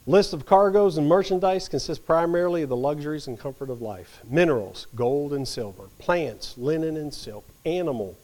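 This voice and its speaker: A man leading a Bible study, reading scripture aloud and teaching with animated emphasis that drops at times to a near whisper. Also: mid-range voice, low-quality recording.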